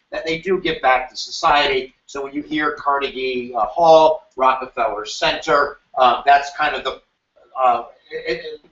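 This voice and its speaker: A man giving an animated, jokey history review lecture as a teacher, acting out quoted voices now and then. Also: a little high. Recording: roomy, distant, dull sound.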